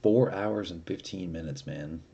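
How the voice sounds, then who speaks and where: Young male streamer, low dark voice, profane and rambling casual chat. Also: measured pace, slightly rough. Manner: rambling, profane, laughs often.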